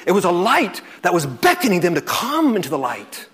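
Male pastor, fairly high voice, earnest sermon delivery that drops to soft, drawn-out lines. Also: huge pitch swings, husky. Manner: earnest, repeats words, swings from loud to soft and slow. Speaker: preacher.

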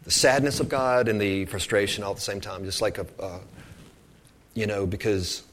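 A man's voice: on the low side, normal speed, a bit bright. Man, informal sermon, earnest, rambling, repeats himself. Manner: earnest, rambling, repeats words, acts out quoted lines. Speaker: preacher.

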